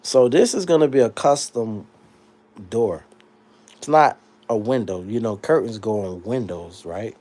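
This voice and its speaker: Running a livestream, this man works through the chat and improvises a casual, jokey rant. He swings from loud, high outbursts down to quiet mutters, yet never rushes his delivery.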